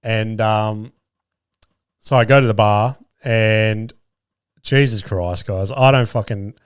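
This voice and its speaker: A man's voice: fairly low pitch, slow pace, clear, resonant tone, no echo, studio quality. A man, hosting a podcast and telling rambling, sweary, self-deprecating stories. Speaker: podcast host. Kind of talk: casual storytelling chat.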